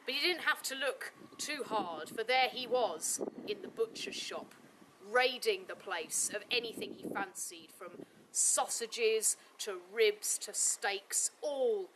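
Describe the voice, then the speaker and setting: A woman narrating a folk tale in a lively, expressive way. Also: a little high, slow, noisy background. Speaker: storyteller. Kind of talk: live storytelling narration.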